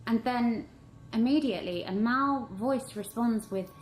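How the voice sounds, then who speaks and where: A woman's voice: on the high side, unhurried. A woman hosting a paranormal vlog, narrating her investigation recordings in an earnest, suspense-building way. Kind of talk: voice-over narration reviewing recordings. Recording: roomy with steady background hum.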